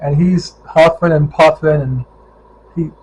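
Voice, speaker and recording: A middle-aged man from Ohio chats through a casual vlog, telling road stories with lively acted-out quotes. His voice sits a little high for a man. Faint ambient noise hums behind him. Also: unhurried, low-quality recording. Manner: animated storyteller, acts out quoted voices. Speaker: vlogger, touring cyclist.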